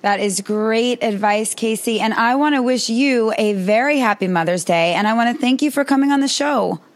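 A woman's voice: on the high side, normal speed. Upbeat woman hosting a podcast. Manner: upbeat, encouraging, scripted questions. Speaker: podcast host. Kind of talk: interview hosting.

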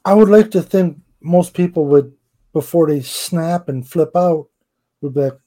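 A man's voice: fairly high pitch, measured pace, dark tone. A middle-aged man co-hosting a casual wrestling podcast, blunt and emphatic, swearing freely. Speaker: podcast co-host.

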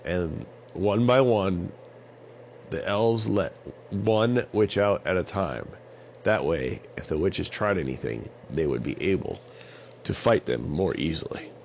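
A man narrating an improvised children's story in an animated way. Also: sits low, slow pace. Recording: slightly dull lo-fi sound with faint hiss.

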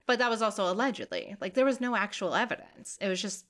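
A woman's voice: mid-range voice, expressive, fast, few pauses, a bit bright. A woman podcast host telling a story in casual, profane, joking chat, sick with covid.

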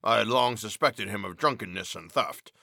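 Older male police official , read by a man: low, slow, unhurried, with a changed tone. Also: pushed and bright, dry recording, clean studio sound. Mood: calm. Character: short-sighted older male police official, gray whiskers. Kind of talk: storybook reading.

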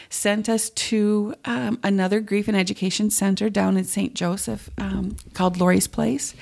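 Middle-aged woman guest, creaky edge, earnest animated storyteller. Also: medium pitch. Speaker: guest sharing her story. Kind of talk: conversational storytelling.

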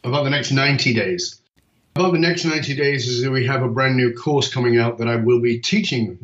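A middle-aged man, a speaker and author, talking as a guest on an interview show and telling stories with acted-out dialogue. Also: medium pitch. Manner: animated storyteller, acts out dialogue. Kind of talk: storytelling interview talk. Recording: roomy, dull remote audio.

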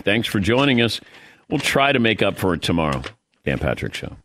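Lively wry male radio host. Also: fairly low pitch, fairly quick. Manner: lively, wry, self-deprecating. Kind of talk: casual radio banter and live ad reads. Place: radio studio. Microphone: studio microphone.

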